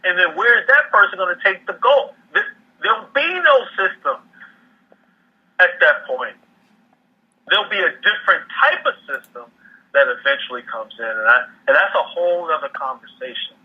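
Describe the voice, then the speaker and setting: A man's voice: sits high, sing-song, normal speed, husky. A man speaking as a guest economic commentator in a casual interview, often repeating and restarting his words. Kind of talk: casual interview over a call. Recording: muffled phone-line audio.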